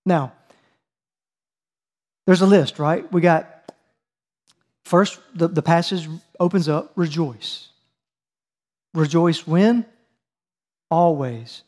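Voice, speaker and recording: A man's voice: on the high side, expressive, slow, long pauses, darkish tone. A man preaching a teaching sermon, reading scripture and calling on his listeners to answer aloud. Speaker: preacher leading a Bible study.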